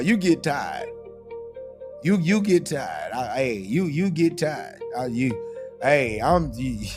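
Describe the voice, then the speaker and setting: A man hosting a live stream, reading viewer comments aloud in a playful, animated way with lots of repeats and stammers. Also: on the high side. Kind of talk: casual live-stream chat.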